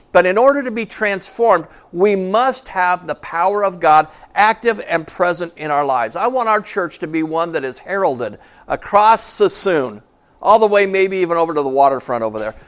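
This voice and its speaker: A pastor preaching to his congregation, a man with a somewhat high voice. He talks in an easy, conversational way and asks the room questions. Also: a bit bright. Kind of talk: sermon. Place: church before a congregation.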